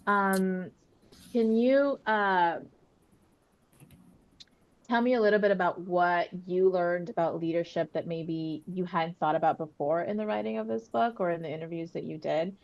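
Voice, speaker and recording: A woman's voice: fairly low pitch, normal speed, muffled recording. A woman hosting a webinar interview over a video call, asking questions in a conversational way with many fillers. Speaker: webinar host.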